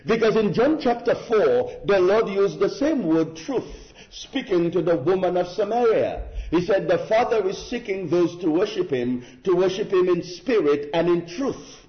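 A man preaching a sermon in a slow, deliberate, emphatic way, with rhetorical asides to his listeners. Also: sits high, lively intonation. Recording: muffled lo-fi sermon recording.

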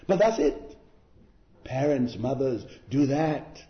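A man's voice: a little high, big pitch swings, slow, roomy sound, highs cut off. A man preaching a sermon in an earnest, exhorting manner, with rhetorical questions and emphatic repetition.

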